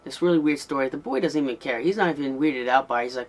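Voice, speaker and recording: A man talks through an old horror tape in a loose, conversational review. His voice sits in an ordinary middle pitch, and he rambles, restarts his sentences and fills gaps with ums as he goes. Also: fast. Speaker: VHS movie reviewer. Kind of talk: casual spoken review.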